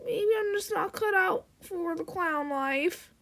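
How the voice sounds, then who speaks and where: A woman voicing a timid, childlike little clown creature that talks in a squeaky, whiny way. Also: takes it slowly, gravelly, fairly bright tone, heavily acted.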